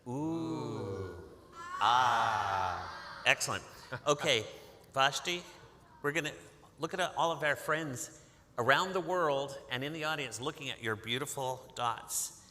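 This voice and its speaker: Bright, coaxing man reading a picture book aloud. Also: fairly high pitch, moderate pace, a little hiss or hum. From Massachusetts, USA. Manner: lively, coaxing, invites call-and-response. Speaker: author reading to children. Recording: long hall reverb.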